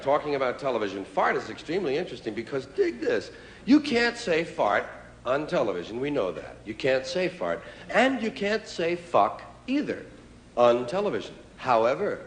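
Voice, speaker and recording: A man doing a stand-up comedy routine before a live audience, with a wry, drawn-out delivery and sudden loud outbursts. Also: fairly high pitch, slight background noise. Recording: live club recording with crowd laughter. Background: audience laughter.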